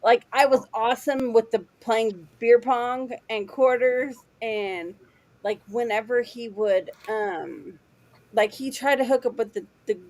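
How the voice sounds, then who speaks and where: A woman's voice: on the high side, a little slow, darkish tone. A woman on a casual gaming chat who tells rambling stories full of "like". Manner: rambling storyteller, many "like" fillers.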